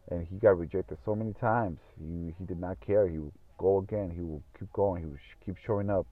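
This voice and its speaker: A man's voice: low-pitched, brisk, no room sound. A man telling a story in a casual monologue, rambling, repeating himself and swearing often. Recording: tinny phone-like audio.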